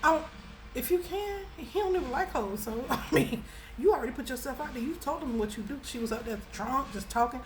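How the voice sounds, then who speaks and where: A young adult woman vlogger telling a casual storytime in a chatty, animated way, laughing often between sentences. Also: high-pitched, a little fast, background noise.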